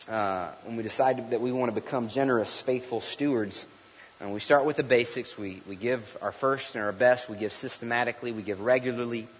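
A man's voice: mid-range voice, slightly rough. A man preaching a sermon, telling a story in a folksy way and often restarting his sentences. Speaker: pastor. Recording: long hall reverb.

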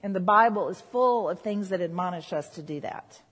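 A woman's voice: fairly low pitch, a little fast, fairly bright tone, husky. A woman preaching a sermon in a church, talking conversationally with the congregation. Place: church hall. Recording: reverberant hall.

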